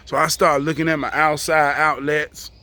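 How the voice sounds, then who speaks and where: A man's voice: fairly high pitch, little pitch movement, normal speed, sharp tone. A man telling a casual, profane story, acting out what people said. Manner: loose, profane, acts out quoted voices.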